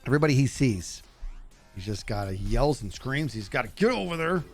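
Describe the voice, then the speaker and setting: A man's voice: a little fast, faint music behind. A man streaming a game live, chatting goofily with his viewers as he plays. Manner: goofy, talks to chat, jumps high in excitement. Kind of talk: live gameplay commentary.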